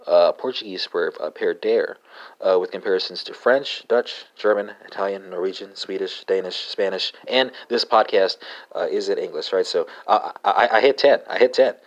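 A man hosting a language podcast, talking haltingly with many fillers and spelling words out letter by letter. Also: sits low, dull audio. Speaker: podcast host. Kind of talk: language lesson monologue.

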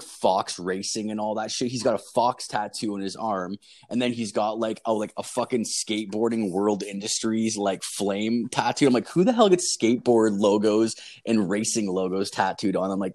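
Young man, low-ish voice, loose profane storyteller, heavy filler words. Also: normal speed, few pauses, darkish tone. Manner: rambling, profane, lots of "like" and "dude". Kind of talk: casual storytelling.

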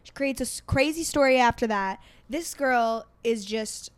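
A woman's voice: on the high side, measured pace, clear, resonant tone. A young woman guest on a podcast, telling a story in casual chat and acting out the quoted lines. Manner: animated, acts out quoted dialogue. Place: podcast studio.

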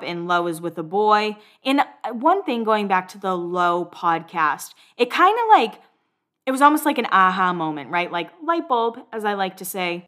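A woman's voice: lowish voice, fairly bright tone. A young woman hosting a podcast, recapping a reality show in casual chat, chatty and swearing freely, acting out the lines she quotes.

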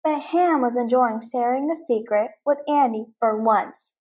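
A woman hosting an arts segment, reading a children's storybook aloud in a gentle, clear way. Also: a little high, measured pace. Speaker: host.

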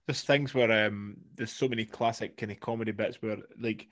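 A man's voice: fairly low pitch, steady tone, moderate pace, a bit bright. A Scottish man co-hosting a podcast, rambling through stories with many fillers. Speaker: podcast co-host. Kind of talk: casual chat.

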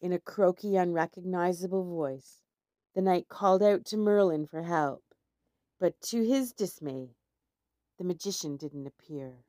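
A woman reading a storybook chapter aloud in a measured, expressive way. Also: lowish voice, no echo, clean studio sound. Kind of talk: scripted storybook narration.

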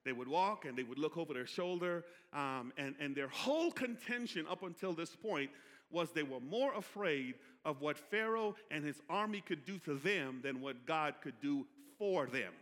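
A man pastor preaching a sermon, calling out to the congregation for responses and building from quiet teaching to loud preaching. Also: a little high, lively intonation, moderate pace. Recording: echoey hall.

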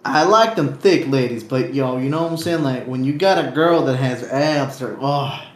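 A man's voice: mid-range voice, normal speed, echoey room. A young man co-hosting a casual, unplanned podcast, rambling in slang, swearing freely and laughing often. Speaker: podcast co-host.

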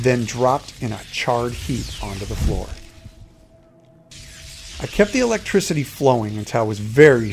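A man narrating a first-person fantasy story in a steady, measured storytelling manner. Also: medium pitch.

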